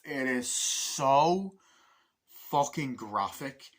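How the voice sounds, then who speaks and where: A man talks through a film review in a loose, rambling way. His speech is full of swearing and restarts, and he keeps jumping into loud, high shouted lines to act out the scenes. His voice sits in an ordinary middle pitch for a man. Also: moderate pace. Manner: rambling, swears a lot, acts out quotes in a raised shouting voice. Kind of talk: casual spoken film review.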